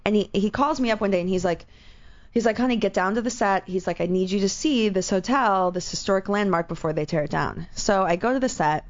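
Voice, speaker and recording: A middle-aged woman chatting casually and telling an animated story, acting out what other people said. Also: mid-range voice, brisk. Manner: animated storyteller, acts out quoted voices. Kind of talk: casual chat. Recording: slightly dull lo-fi sound.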